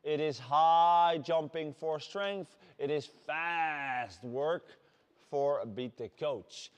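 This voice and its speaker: A man with a Dutch accent leading a workout class as fitness coach, shouting energetic encouragement. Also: fairly high pitch, extremely slow, clean tone. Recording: long hall reverb.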